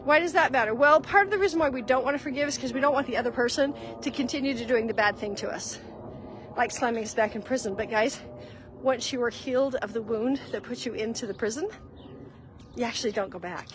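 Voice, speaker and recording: A woman's voice: a little high, fast, background noise. Earnest woman giving faith guidance. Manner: earnest and conversational, addresses listeners as guys. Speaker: host giving spiritual guidance. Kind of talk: faith-based walk-and-talk teaching. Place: walking outdoors.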